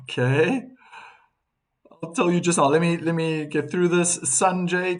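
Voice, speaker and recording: A man hosts a live tennis stream, talking with a slightly raised pitch. He takes his time, chatting easily with viewers and reading their comments aloud. He often restarts his sentences and fills gaps with ums. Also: fairly even intonation, measured pace. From South Africa.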